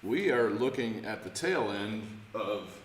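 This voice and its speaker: Male Bible study leader, lowish voice, chatty and halting, recorded in a roomy church hall. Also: lively intonation, slight background noise. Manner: conversational, hesitant, many restarts and questions to the group. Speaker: pastor leading Bible study. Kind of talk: informal Bible study teaching. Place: church room. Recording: echoey church room, faint ambience.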